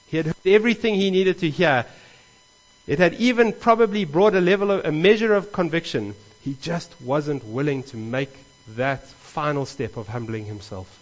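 A man preaching a sermon as pastor, earnest and animated, often rising in emphasis as he speaks. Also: on the high side, highs cut off.

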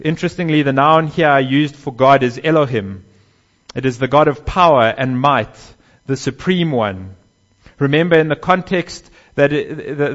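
Male pastor preaching, slightly high voice, emphatic swells and hushed drops, dull lo-fi recording. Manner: emphatic, swelling louder on key phrases and dropping low and soft on others. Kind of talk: sermon.

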